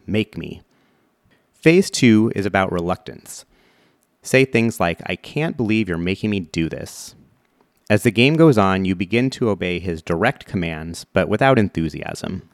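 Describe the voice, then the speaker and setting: A man with a very low voice reads a scripted set of instructions in a measured, even way. The sound is close and dry, with no room around him. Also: no echo. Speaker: instructional narrator.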